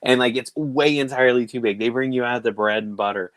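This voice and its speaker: A man's voice: medium pitch, fast, no room sound, low-quality recording. A man in his thirties, a podcast host, telling family stories in casual chat and acting out his kids' voices. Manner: animated, acts out family members in quoted voices.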